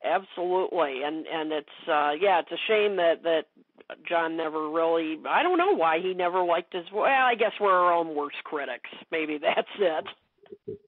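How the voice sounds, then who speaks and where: A woman's voice: lowish voice, animated, normal speed, no room sound. A woman speaking as a guest expert in a casual interview chat, talking with many fillers and restarts. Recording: dry phone-like call audio.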